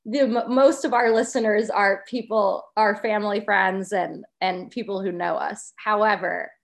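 A young woman talks casually as a guest on a radio show. She teases and laughs easily as she speaks. Her voice sits at an ordinary middle pitch. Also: steady tone, moderate pace, gravelly. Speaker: podcast co-host, guest.

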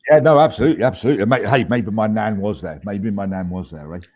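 A man in his fifties speaks in a somewhat low voice. He tells his story in a casual, unpolished way, full of ums and restarts, with an understated, wry humour. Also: fast talker, darkish tone. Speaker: interview guest, army veteran.

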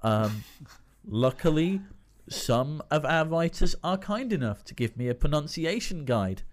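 A man's voice: a little high, big pitch swings. Guy who hosts trivia, chatty podcast talk, laughs a lot, used to reading news. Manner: chatty, laughs between phrases; newsreader background, measured delivery. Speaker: trivia host. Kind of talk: casual podcast chat.

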